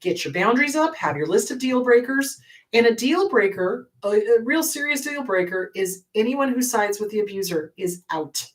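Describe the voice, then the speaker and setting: A woman's voice: fairly high pitch, lively intonation, moderate pace, recorded from a distance. A woman therapist hosting an advice show, answering viewer questions in a blunt, emphatic way and repeating her key advice.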